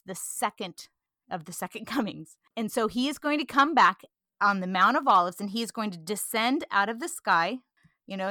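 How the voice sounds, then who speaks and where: A woman from California talking earnestly about scripture in a casual discussion, animated and quick to laugh. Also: a little high, no echo, studio quality.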